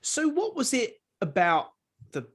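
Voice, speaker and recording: A man's voice: very high voice, wildly swooping pitch, unhurried, breathy edge. A man hosting a podcast interview, asking long, rambling questions with many repeated words. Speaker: podcast host. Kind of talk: casual interview chat.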